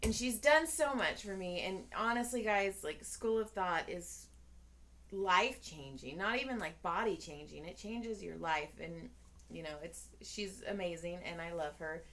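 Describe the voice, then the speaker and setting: A woman's voice: on the low side, a little slow. A woman co-hosting a podcast in casual chat, telling stories and acting out each side of a conversation. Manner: animated storyteller acting out conversations. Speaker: podcast co-host.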